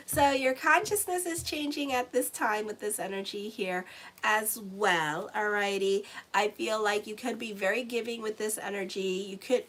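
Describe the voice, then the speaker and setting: A woman's voice: mid-range voice, fairly bright tone, rough recording. A woman astrologer giving a casual monthly tarot reading, talking bluntly and sassily straight to her viewers. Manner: blunt, sassy, talks straight to viewers with y'all and okay.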